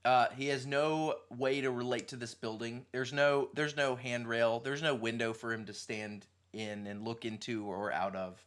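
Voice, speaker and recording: A man's voice: medium pitch, fairly even intonation, moderate pace, hardly any pauses, fairly bright tone. Rambling man thinking aloud. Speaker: podcast host. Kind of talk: casual conversational podcast.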